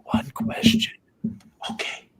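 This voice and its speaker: A man's voice: slow, whispered, low-quality recording. A man hosting a casual chat show, rambling and joking and swearing freely. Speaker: podcast host.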